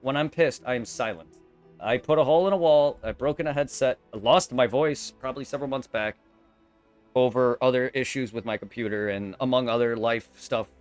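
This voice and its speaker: A man on a live game stream, venting in a heated, profane, rapid-fire way. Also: mid-range voice, faint music behind.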